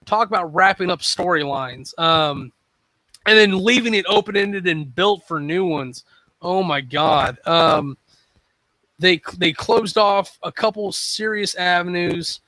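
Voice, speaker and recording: A man's voice: sits high, unhurried, sharp tone, dry recording, rough recording. A man hosting a casual solo podcast, rambling through his opinions on shows with many ums and restarts. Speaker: web show host.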